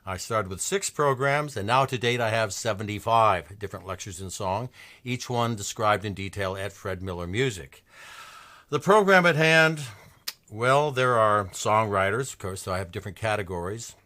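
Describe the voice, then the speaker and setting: A man in his seventies from New Mexico gives an anecdotal music lecture, telling stories with enthusiasm and halting restarts. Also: on the low side, sharp tone. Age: 70s. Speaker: lecturer and pianist-singer.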